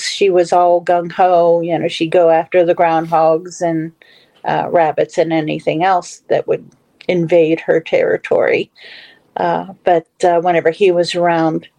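A middle-aged woman from the Western Pennsylvania / Ohio area tells a personal story as a guest in a casual talk, with many fillers and restarts. Her voice is low and dark, and the audio quality is poor.

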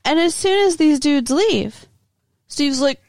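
A woman co-hosting a casual chat show, blunt and quick to swear, laughing often. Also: high-pitched, lively intonation, a little mellow, no echo. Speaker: podcast co-host.

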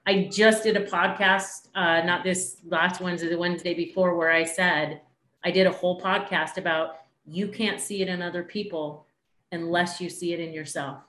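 A woman's voice: fairly low pitch, steady tone, normal speed, a bit bright. Effusive woman hosting in an echoey room. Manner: effusive, emotional, swears casually. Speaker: podcast host. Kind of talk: casual interview chat.

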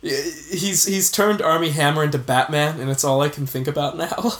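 A man's voice: a little high, moderate pace, fairly bright tone. A man, a returning guest on a film review podcast, talking in an easygoing way with many fillers and repeated words. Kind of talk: casual film review chat. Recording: roomy echo.

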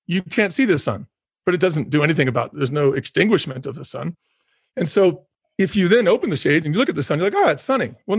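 A man's voice: fairly high pitch, no room sound, studio quality. A middle-aged man talking earnestly in a reflective conversation, repeating phrases for emphasis and laughing easily. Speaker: guest, former company executive.

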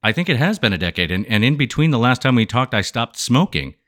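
A man with a smooth voice hosts a podcast in a playful, showy way. His pitch swings widely as he jokes with the audience. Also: big pitch swings, fast talker, a bit bright. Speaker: podcast host. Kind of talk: upbeat podcast hosting.

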